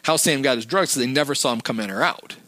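A man retelling a movie plot in a relaxed, rambling chat, dropping fillers as he goes. His voice is bright and forward. The sound is dry and close. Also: medium pitch, fast talker, dry recording. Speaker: podcast host. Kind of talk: casual movie recap.

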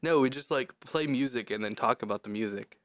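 A man's voice: mid-range voice, a little fast, fairly bright tone, no room sound. Man, casual podcast chat, rambling, joking, dry close sound. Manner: rambling, joking, many fillers. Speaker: podcast co-host.

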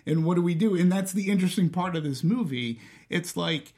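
A man co-hosting a casual film discussion, talking in an animated way with frequent restarts as he thinks aloud. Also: sits high, a little fast. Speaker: podcast co-host.

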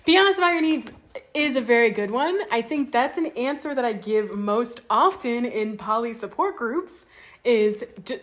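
A woman's voice: a little high, expressive, unhurried. A woman co-hosting a podcast in casual chat, joking and rambling through her points. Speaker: podcast co-host.

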